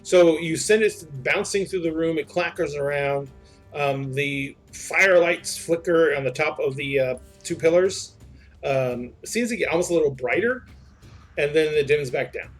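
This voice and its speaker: A man's voice: on the high side, soft background music. A man running a tabletop game as game master, chatting casually and describing scenes. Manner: casual, loose and swearing, with quick scene descriptions.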